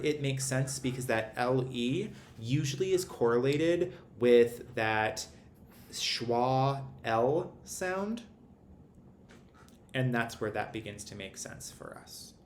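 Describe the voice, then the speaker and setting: A man teaching a recorded phonics lesson, explaining syllable accents in a clear, methodical way. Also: mid-range voice. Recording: roomy echo, faint background hum.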